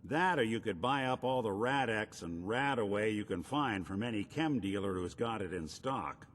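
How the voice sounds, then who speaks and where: A laid-back synth detective in a video game, his voice low with a dry, wry edge. A long reverb trails his words. He offers advice casually. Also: lively intonation, normal speed, a bit bright, a little hiss or hum.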